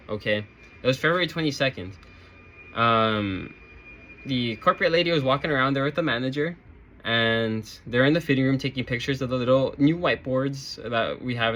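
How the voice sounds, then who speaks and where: A man's voice: medium pitch, fairly bright tone, slight background noise. A man who works in a retail store, telling a story about his job in a sarcastic, rambling, aggrieved way. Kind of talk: casual storytelling to camera.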